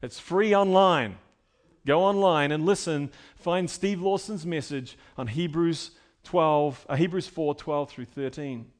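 A man's voice: fairly high pitch, a little slow. A middle-aged man preaching a sermon as pastor, emphatic and building with repeated phrases.

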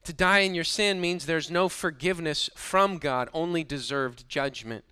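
A man's voice: on the high side, moderate pace, sharp tone, smooth, no room sound. A man preaching a sermon, building emphasis and dropping into sarcastic asides. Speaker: pastor.

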